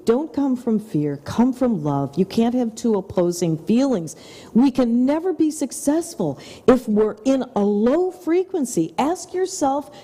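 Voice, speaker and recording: Woman, middle-aged, talk-show co-host, effusive, lively pitch, mellow. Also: long reverb tail. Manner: effusive and upbeat, with soft whispered asides. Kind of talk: motivational talk-show chat.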